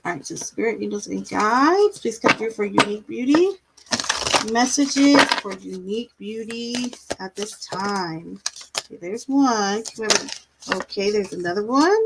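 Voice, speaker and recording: A woman's voice: medium pitch, expressive, a little slow, creaky, heavy background noise. A woman doing tarot readings on a live stream, chatty, laughing now and then, drawing out her words. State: yawning, a bit tired. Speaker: tarot reader.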